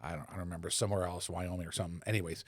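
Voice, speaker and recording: A man in his sixties, a podcast guest and former rock bassist, telling relaxed, rambling anecdotes with lots of fillers. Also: rapid-fire, creaky, no room sound, clean studio sound. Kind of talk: casual conversational storytelling.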